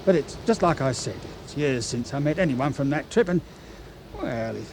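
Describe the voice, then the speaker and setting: An actor playing a defensive, resentful chief steward in a radio drama. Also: male voice, mid-range voice, lively intonation, moderate pace, gravelly, noisy background. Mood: accusing. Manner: defensive and accusing. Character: nervous resentful male ship's chief steward. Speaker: ship's officer. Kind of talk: 1970s radio drama acting.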